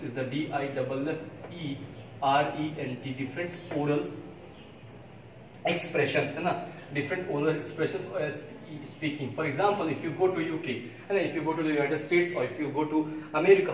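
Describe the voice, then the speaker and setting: A man's voice: fairly high pitch, recorded from a distance. A man with an Indian English accent teaching an English vocabulary lesson, spelling words letter by letter and often switching into Hindi. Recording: echoey room, voice off-mic, faint background noise.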